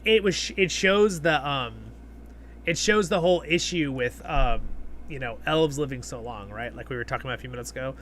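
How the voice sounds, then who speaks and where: Chatty bright-voiced male streamer. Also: mid-range voice, slight background noise. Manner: chatty, reads viewer comments aloud; rambling with many fillers and restarts. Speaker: livestream host. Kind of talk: casual live-stream chat.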